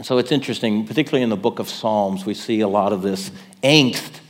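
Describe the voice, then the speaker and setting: A man's voice: on the low side, a little fast, long reverb tail. A man preaching a sermon in a conversational way, checking in with his listeners. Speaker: pastor.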